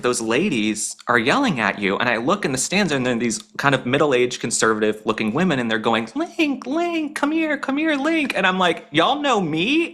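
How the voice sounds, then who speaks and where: A young man, a reporter guest, chatting excitably and acting out quotes. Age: young adult. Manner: excitable, acts out quotes in high voices. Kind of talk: casual chat.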